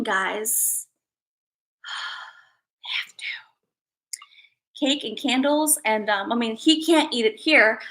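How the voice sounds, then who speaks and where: A young woman hosting a casual livestream, bubbly and excitable, chatting to her viewers. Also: fairly high pitch. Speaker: livestream host.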